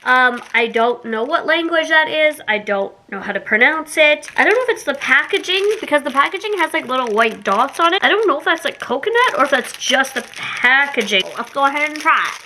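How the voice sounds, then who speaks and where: A woman's voice: high-pitched, expressive, a little fast, hardly any pauses, pushed and bright, slight background noise. A young woman from Canada chatting casually through a snack taste test, giggly and self-mocking. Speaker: YouTuber doing a taste test.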